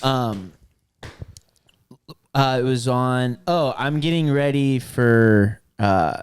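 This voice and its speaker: Young man with a dry, clear low voice. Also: slow, dry recording. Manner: joking, laughs often, swears. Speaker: podcast co-host. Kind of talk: casual chat.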